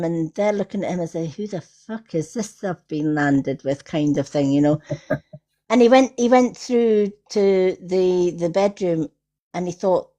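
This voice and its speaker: A woman tells stories on a casual live stream. Her voice sits on the lower side, and she keeps a chatty, easygoing flow. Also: a little mellow. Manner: chatty anecdotes with frequent laughter. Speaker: tarot reader hosting a live stream. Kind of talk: casual chat, storytelling. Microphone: phone or computer on a live stream.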